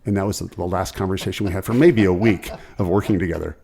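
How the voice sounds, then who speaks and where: A man's voice: low voice, gravelly, slightly rough. A man and musician, a podcast guest telling stories in a casual chat, acting out the people he quotes. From Ohio, USA. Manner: animated storyteller, quick and chatty, acts out quotes.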